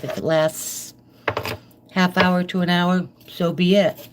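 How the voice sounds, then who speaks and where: A woman's voice: lowish voice, moderate pace. A middle-aged woman chatting casually to viewers while cooking live in her home kitchen, rambling and friendly with her audience. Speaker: live-stream cooking vlogger. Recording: kitchen noise under the voice. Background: chopping and kitchen clicks.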